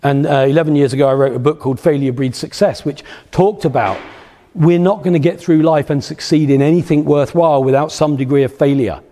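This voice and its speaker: A man's voice: a little high, fairly even intonation, a little fast, dark tone. A man giving a live motivational business talk, telling anecdotes and repeating phrases for rhythm. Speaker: business speaker. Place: lecture hall at a live event. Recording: long hall reverb.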